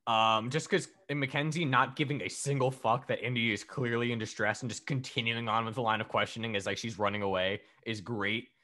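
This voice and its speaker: A man's voice: mid-range voice, brisk, hardly any pauses. Rambling, laughing man in casual chat. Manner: animated, laughing, profane, rambling with fillers. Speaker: podcast co-host. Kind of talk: casual chat reviewing wrestling.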